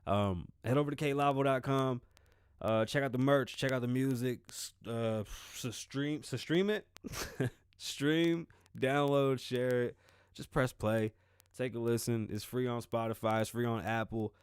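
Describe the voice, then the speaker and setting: A man's voice: medium pitch, steady tone, unhurried, smooth, no echo. A man from the Bronx with a Bronx New York accent, hosting a podcast in a loose, rambling monologue, laughing and swearing often, recorded close to the mic. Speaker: podcast host. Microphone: close-up microphone.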